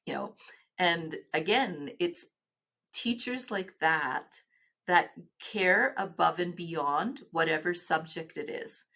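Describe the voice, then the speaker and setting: A middle-aged woman speaks as a podcast guest. Her voice sits a little low. She tells her stories earnestly, pausing and restarting her sentences as she goes. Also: pushed and bright. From Canada. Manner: earnest, halting, with many restarts. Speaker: guest, nonprofit executive. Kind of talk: podcast interview storytelling.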